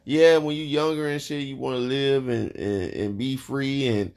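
A man with a gravelly, rough-edged voice in loose, unscripted chat. He swears freely and circles back over his own phrases as he goes. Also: mid-range voice, moderate pace, a little mellow. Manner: profane, rambling, repeats himself. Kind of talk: casual chat.

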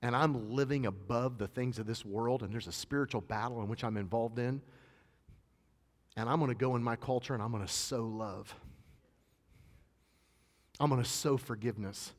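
A man's voice: medium pitch, moderate pace, long pauses. Man preaching in a reverberant church hall. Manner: conversational, emphatic preaching with personal stories. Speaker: pastor. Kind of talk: sermon. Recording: long reverb of a large hall.

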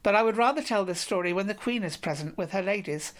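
A woman's voice: medium pitch, quick pace, close to an everyday voice. A woman reading an audiobook, voicing a wounded, grateful knight who speaks formally and solemnly. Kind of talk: audiobook reading of a medieval romance.

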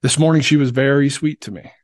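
A man's voice: medium pitch, fast, darkish tone, no echo. A man co-hosting a podcast, a father speaking candidly and searchingly in casual discussion.

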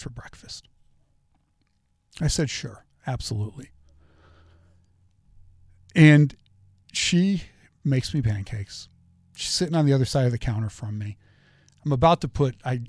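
A man's voice: medium pitch, a little mellow, no echo, clean studio sound. A middle-aged man hosting a solo political commentary show, talking in an opinionated, conversational way and telling stories.

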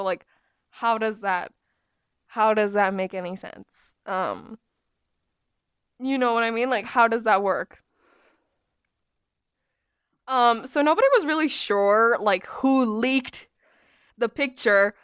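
Chatty young woman, smooth dry voice. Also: on the high side, fairly bright tone, no echo. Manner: chatty, full of "like" fillers and restarts. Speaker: storyteller. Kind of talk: casual storytime chat.

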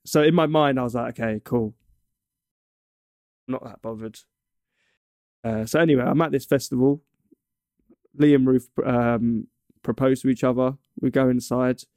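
Young english guy rambling through a story, warm low-key tone, dry close sound. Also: fairly even intonation, a little slow, pauses often, dry recording. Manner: rambling, stumbles and restarts often. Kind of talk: casual chat.

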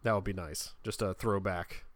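A man's voice: low voice, steady tone, normal speed, no room sound. Chatty man with a dry, close sound. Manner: chatty, repeats words when starting sentences. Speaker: podcast co-host. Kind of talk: casual wrestling chat.

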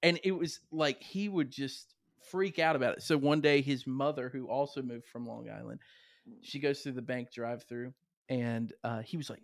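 A man's voice: mid-range voice, normal speed, no echo, studio quality. A young man with a Southern US accent, hosting a casual podcast chat and telling stories with frequent laughter. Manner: animated storyteller, laughs often. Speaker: podcast host.

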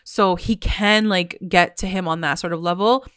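A woman's voice: on the low side, moderate pace, fairly bright tone, smooth, dry recording, studio quality. A woman chatting casually about a TV episode, filling her talk with "like" and acting out the characters' lines. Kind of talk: casual TV recap chat.

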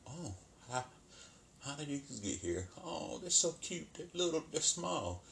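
A dreamy, stoned young woman coos over something cute, her voice lifted high and kept soft, as a man puts her on. She sounds delighted and spaced out. It is part of a casual spoken recap. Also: big pitch swings, measured pace, creaky, roomy sound, slight background noise, heavily acted. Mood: cooing.

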